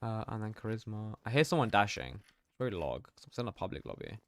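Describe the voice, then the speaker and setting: Slangy young streamer, lively voice. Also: male voice, lowish voice, fast talker. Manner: slangy, reads chat aloud, laughs often. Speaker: game streamer. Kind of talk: casual live-stream chat.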